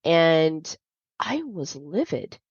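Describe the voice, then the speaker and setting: A woman's voice: low voice, big pitch swings, extremely slow, a little mellow, husky, dry recording. A woman hosting a podcast, telling a personal story in a candid, confiding way with many fillers. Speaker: podcast host. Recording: dull lo-fi dry sound.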